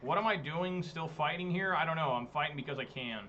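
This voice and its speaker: A man's voice: a little high, fairly quick, sharp tone, lo-fi sound, a little hiss or hum. A man streaming a card game, giving casual, exasperated commentary, swearing and talking to his chat. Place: home room, hot day.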